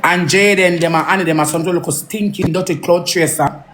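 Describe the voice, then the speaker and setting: A woman's voice: lowish voice, fairly even intonation, fairly quick, slight background noise. A woman with a Jamaican accent, ranting angrily, swearing and repeating herself in a heated live rant. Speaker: social media personality.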